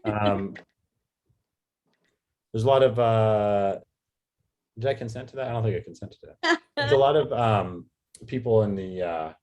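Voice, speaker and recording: Rambling low-voiced male comic. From New York. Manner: rambling, halting, lots of fillers and restarts. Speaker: stand-up comedian. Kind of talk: stand-up set over video call. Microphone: video call.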